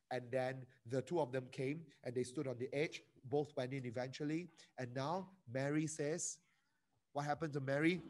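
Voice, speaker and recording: Man, pastor, emotional pleading sermon over a video call, slightly high voice, swings between soft and loud.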